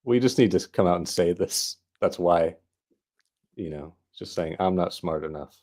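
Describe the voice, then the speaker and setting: A man co-hosting a casual chat, hesitant and soft-spoken. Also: deep voice, normal speed.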